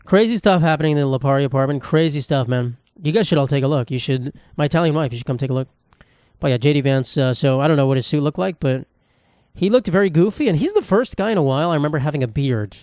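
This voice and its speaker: A man's voice: fairly high pitch, lively intonation, fast, darkish tone, no room sound, clean studio sound. A young man hosting a solo podcast from his apartment, rambling and swearing in a jokey way. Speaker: podcast host.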